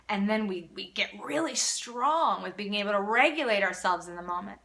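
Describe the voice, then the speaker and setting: A middle-aged woman speaks in a bright, clear voice as she hosts a live parenting Q&A. She is earnest and animated, reads out viewer comments and answers them at length. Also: mid-range voice, moderate pace, few pauses, a little hiss or hum. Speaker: parenting coach hosting a live Q&A.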